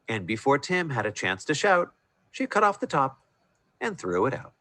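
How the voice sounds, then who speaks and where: A man reading a rhyming Christmas picture book aloud in a sing-song, expressive way over a video call. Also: medium pitch, moderate pace, no echo. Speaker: storyteller.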